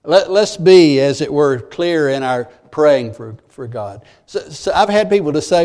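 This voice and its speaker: A man's voice: on the high side, animated, measured pace, hardly any pauses, a little mellow. A man preaching a sermon in church, earnest and repeating key phrases for emphasis. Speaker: pastor.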